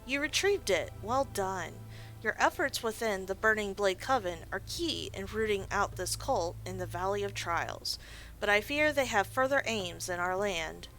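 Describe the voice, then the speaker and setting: A woman's voice: mid-range voice, lively intonation, unhurried, a bit bright, faint music behind, poor audio. A woman voicing a stern orc woman who gives orders and fears a coming threat. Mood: ominous. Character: grave orc woman giving orders, foreboding.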